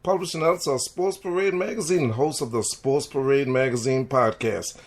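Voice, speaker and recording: Hoarse New Orleans sports host. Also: male voice, medium pitch, brisk. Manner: excitable, hype, calls listeners baby. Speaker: podcast host. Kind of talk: sports talk monologue.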